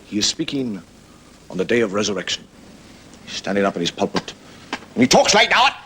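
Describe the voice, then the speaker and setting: A man's voice: lowish voice, wildly swooping pitch, brisk, noisy background. A man with an Irish accent hosting a comedy show, telling stories and jokes in a wry, conversational way. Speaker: comedian host. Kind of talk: stand-up storytelling monologue.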